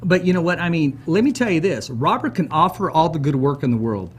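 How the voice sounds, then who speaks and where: Man, interview host, husky voice, hype announcer delivery, studio, repeats himself. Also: on the high side, expressive. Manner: drawn-out hype introductions, repeats words often. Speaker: podcast host. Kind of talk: energetic interview hosting with announcer flourishes. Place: production studio.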